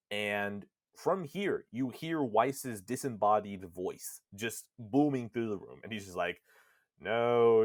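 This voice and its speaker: A man's voice: on the low side, dry recording, clean studio sound. A man co-hosting a podcast, animatedly retelling a video game's story, swearing casually and slipping into character voices. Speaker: podcast co-host. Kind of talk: casual retelling of a game plot.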